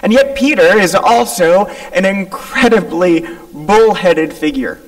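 A man's voice: sits high, lively intonation, measured pace. A man preaching a sermon, retelling scripture and acting out the voices of the people in it. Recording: long hall reverb.

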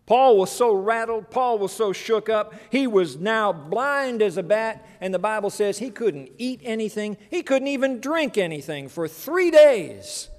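A male preacher delivers a sermon as a lively story, his high voice swooping up and down. He acts out voices as he goes. The sound carries a long hall reverb. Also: a little slow, few pauses.

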